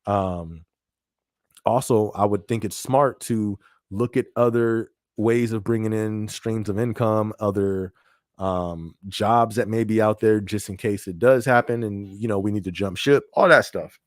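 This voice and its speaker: A man with a fairly low voice hosts a casual live stream, talking easily and looping back on his points. His mic sounds close and dry, with no room around it. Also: fairly even intonation, a little slow, no echo. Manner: conversational, repeats phrases, frequent "you know what I mean". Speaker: podcast host.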